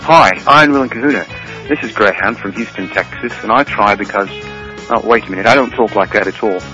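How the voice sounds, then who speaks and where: Ohio man, caller, bright and lower voice, playful tone. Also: quick pace, lo-fi sound, faint music behind. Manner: playful, self-mocking. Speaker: listener calling in. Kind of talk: recorded voicemail.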